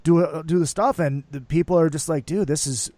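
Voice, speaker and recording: A man's voice: on the high side, a little fast, warm tone, no echo. Loose-talking, profane man hosting a chat. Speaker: show host. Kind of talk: casual talk show chat.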